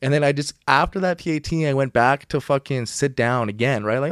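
A man's voice: mid-range voice, fairly quick, clean tone, no room sound. Young man, podcast host, casual storytelling, swears a lot, dry close sound. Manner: profane, rambling, animated when quoting himself. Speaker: podcast host and football player.

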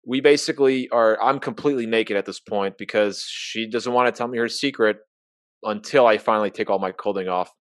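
A man's voice: fairly low pitch, brisk, no echo. A young man telling an embarrassing personal story in casual chat, candid and self-mocking, acting out the dialogue.

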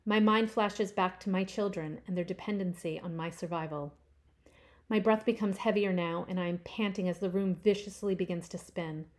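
A woman reading her own first-person short story aloud, with expressive swells on key phrases. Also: on the low side, moderate pace.

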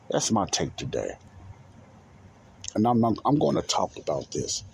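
A man's voice: fairly low pitch, wildly swooping pitch, measured pace, vocal fry, a little mellow, slightly rough. A man, hosting a solo show and delivering an angry, preachy monologue that repeats its points and rises to emphatic outbursts. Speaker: podcast host.

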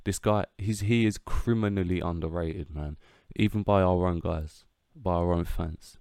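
A man's voice: low voice, moderate pace, darkish tone, no echo, clean studio sound. A young man giving casual, brash football fan commentary, swearing and chanting hype.

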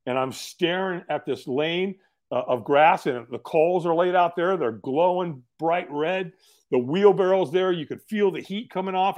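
A man appears as a guest on a podcast, telling a story in a relaxed, lively way with a slightly high voice. He acts out what other people said, laughs a lot, and swears occasionally.

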